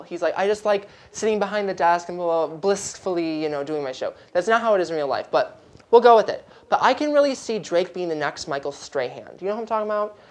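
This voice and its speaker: A woman hosting a gossip segment, rambling chattily to a live audience and asking them to clap along. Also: fairly low pitch. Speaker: show host.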